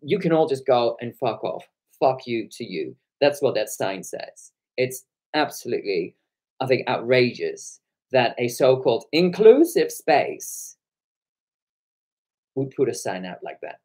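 Man, hoarse, husky voice, very lively pitch, animated storytelling on a stream. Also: measured pace. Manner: animated, indignant retelling. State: hoarse from shouting. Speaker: online commentator.

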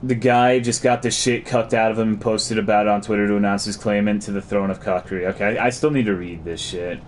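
A man's voice: lowish voice, fairly even intonation, fast, slight background noise. A man streaming a game, chatting casually and crudely as he reads and answers his chat.

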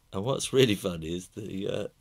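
A man's voice: sits low, vocal fry, a little mellow. A British man, an illustrator, chatting and laughing often as he talks through a drawing tutorial. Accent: British English.

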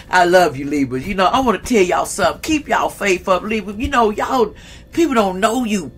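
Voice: mid-range voice, animated, a little fast, noisy background. Bold, slangy tarot reader. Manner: bold, slangy, talks straight to viewers with laughs. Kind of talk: casual tarot reading vlog.

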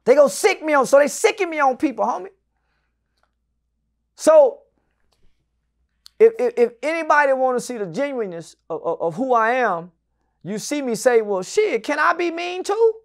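Loud, profane high-voiced man in his forties. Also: expressive, normal speed, pauses often. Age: 40s. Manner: loud, profane and emphatic, often shouting; swings between loud bursts and low, muttered asides. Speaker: interview guest. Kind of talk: animated storytelling in an interview.

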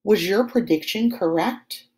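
Slow, encouraging woman teacher. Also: mid-range voice, a little mellow. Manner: slow, encouraging questions to kids. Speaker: second grade teacher. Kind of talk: online lesson for young children.

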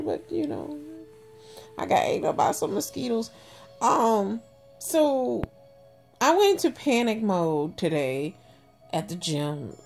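A woman's voice: a little high, creaky. Woman vlogger, chatty storyteller who swears, faint music in the background. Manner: animated, talks to viewers as "y'all", swears freely. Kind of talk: casual storytelling monologue.

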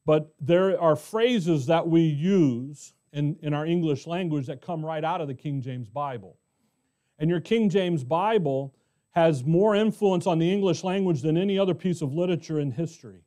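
A middle-aged American pastor teaching verse by verse in a conversational way, often asking the congregation questions. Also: male voice, fairly high pitch, normal speed, dark tone. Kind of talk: expository Bible teaching.

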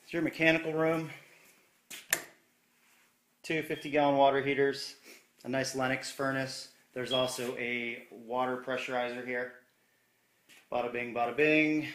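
A bright-voiced man chats his way through an empty house, cracking little jokes as he points things out. His words ring off the bare walls of the echoey rooms, caught on a handheld camera mic. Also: mid-range voice, little pitch movement, moderate pace, long pauses. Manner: upbeat, jokey, chatty. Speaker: real estate agent giving a property tour. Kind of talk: casual walkthrough narration. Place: inside a large empty house, walking room to room.

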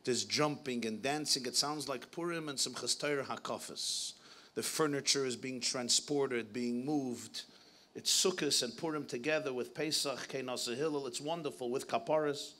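A man giving a sermon as a rabbi, telling stories in an animated way and sprinkling in Hebrew and Yiddish terms. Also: medium pitch, normal speed. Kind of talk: sermon storytelling.

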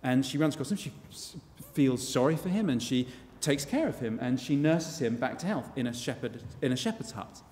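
A man tells a tale live with wry, chatty asides, his voice sitting at a middle pitch. It rings with a long reverb in a church. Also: expressive, brisk, darkish tone, slight background noise. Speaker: storyteller. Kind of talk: live comic storytelling.

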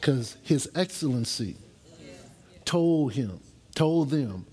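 A middle-aged male pastor delivering a sermon to his church, telling stories and jokes in a conversational way and stretching out key phrases slowly for emphasis. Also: a little high, animated, darkish tone, husky. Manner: conversational storytelling preaching with jokes; slow, emphatic drawn-out phrases. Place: church service with congregation.

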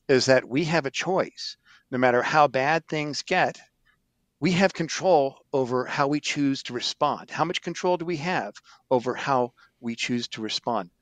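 A middle-aged man, a sales trainer, telling stories in an animated, emphatic way as an interview guest. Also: mid-range voice, no room sound. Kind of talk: storytelling interview answer.

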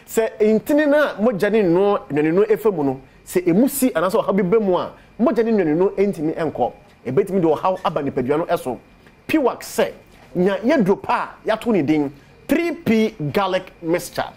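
A man with a Ghanaian accent speaks in a somewhat high voice. He gives a persuasive promotional talk on television about herbal medicine and comes back to the same phrases again and again. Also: darkish tone. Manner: persuasive, repeats product pitch.

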